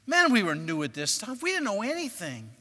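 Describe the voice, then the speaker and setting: Male preacher, fairly high voice, very bright and forceful tone, storytelling sermon, long church reverb. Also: huge pitch swings, a little fast. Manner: swings from quiet recollection to loud emphatic bursts. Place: church sanctuary.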